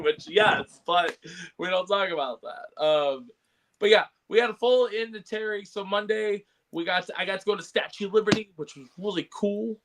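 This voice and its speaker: A man's voice: high voice, moderate pace, a bit bright. A man co-hosting a casual podcast chat, rambling with lots of fillers and laughs. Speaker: podcast co-host.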